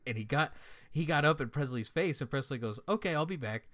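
A young man in casual chat, telling a story with lots of swearing and lively energy. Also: fairly high pitch, moderate pace, a little hiss or hum. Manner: profane, animated storytelling.

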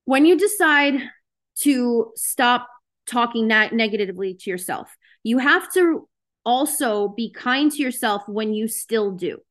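Frank, chatty woman hosting a self-help call, a little high in pitch, easy and conversational. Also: animated, unhurried, a bit bright. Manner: frank, chatty, with lots of fillers. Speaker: host of a self-help session. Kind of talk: casual motivational talk. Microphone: video call.

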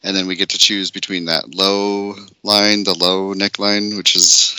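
A man with a fairly low but very bright, forward voice chats casually as a podcast co-host. He jokes around and keeps dissolving into giggles. The recording is dry and close. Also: slow pace, no room sound. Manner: giggly, jokey, often breaks into laughter.

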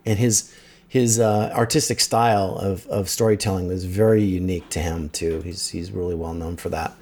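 A man with a lowish voice co-hosts a casual tech podcast. He talks eagerly and recommends things with plenty of enthusiasm. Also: steady tone, moderate pace, darkish tone, breathy edge. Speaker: podcast co-host.

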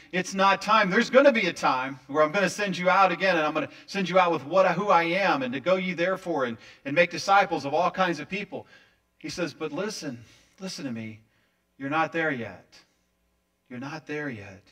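Distant preacher, higher male voice. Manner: dramatic, acting out quoted voices with big swings in loudness. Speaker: pastor. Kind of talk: sermon.

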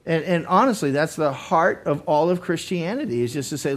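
A man's voice: a little high, expressive, a little fast. A male pastor preaching a Bible study sermon in an earnest way, often repeating words as he restarts. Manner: acts out quoted speakers with sudden loud lines.

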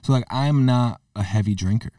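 A man's voice: mid-range voice, normal speed, warm tone, no echo, distant mic. Blunt, profane man ranting. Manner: profane, blunt rants with mocking impressions. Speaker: podcast co-host. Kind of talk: casual chat.

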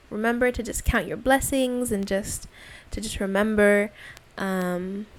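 A young adult woman hosting her own podcast, talking in a chatty, slangy way as a casual spoken diary. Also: mid-range voice. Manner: chatty and slangy, lots of fillers and asides. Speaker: podcast host.

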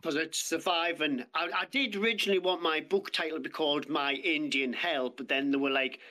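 A British man speaks as a podcast guest, recounting events bluntly and swearing freely. His voice sits a little high and has a bright, forceful edge. He talks in a plain, casual storytelling manner. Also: fairly quick. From Britain. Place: podcast studio.

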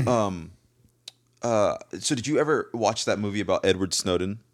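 A man with a low voice asks questions in a relaxed podcast chat. He thinks aloud and hesitates, filling his pauses as he searches for an answer. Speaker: podcast co-host. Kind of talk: casual chat.

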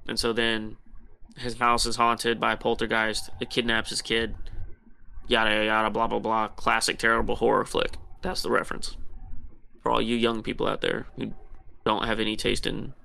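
A man's voice: fairly low pitch, monotone, moderate pace, creaky, sharp tone. A man co-hosting a podcast, talking in a heated, profane rant. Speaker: podcast co-host. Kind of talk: casual podcast chat.

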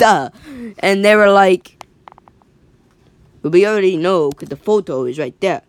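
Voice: medium pitch, unhurried, long pauses, dry recording. Casual plot recap by an eager, rambling storyteller who acts out every character's line. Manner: rambling, lots of "like" and restarts, acts out quoted lines. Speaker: storyteller retelling a cartoon episode. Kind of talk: casual excited retelling.

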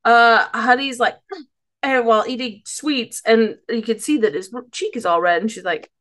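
A woman's voice: fairly high pitch, normal speed, fairly bright tone. A woman casually recapping an episode, rambling and giggly, often losing her place. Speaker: podcast co-host.

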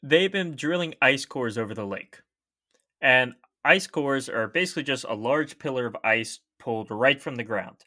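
This young man's medium-pitched voice is pushed and bright, with lively intonation and a moderate pace. He co-hosts a laid-back science podcast, explaining facts conversationally.

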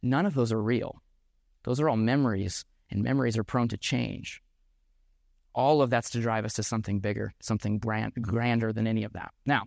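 A man's voice: mid-range voice, no echo. Earnest male preacher, dry close sound. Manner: earnest, reflective preaching with occasional restarts. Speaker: pastor. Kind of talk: sermon.

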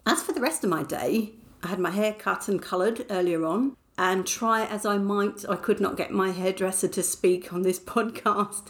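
A woman's voice: medium pitch, normal speed. A middle-aged woman from England hosting her podcast, chatting in a casual diary style, self-mocking and laughing often. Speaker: podcast host.

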